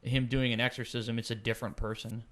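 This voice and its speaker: Halting man in casual podcast chat. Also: mid-range voice, flat delivery, a bit bright. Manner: halting, repeats words while thinking. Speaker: podcast co-host.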